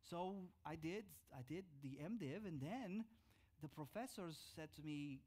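A middle-aged male pastor gives a sermon testimony, his pitch swinging widely as he tells the story. He breaks into loud, drawn-out bursts on key words, then drops back to a calmer tone.

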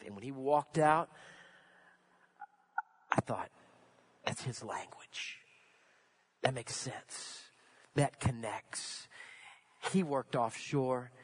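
A man from Louisiana preaching, with a voice pitched notably high for a man. He weaves personal stories into the sermon and repeats key phrases to drive them home. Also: a bit bright. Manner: storytelling, repeating phrases for emphasis. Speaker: pastor.

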